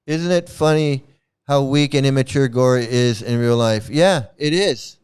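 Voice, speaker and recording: A man's voice: medium pitch, a little slow, darkish tone, clean tone. Mocking man ranting on his channel. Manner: mocking, repetitive, profane. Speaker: commentary channel host. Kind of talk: ranting commentary.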